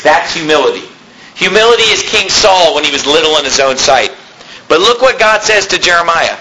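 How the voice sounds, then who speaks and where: A man's voice: sits high, animated, moderate pace, pushed and bright, slight background noise, rough recording. A man preaching a sermon in a church, talking in a conversational way with folksy asides. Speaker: pastor.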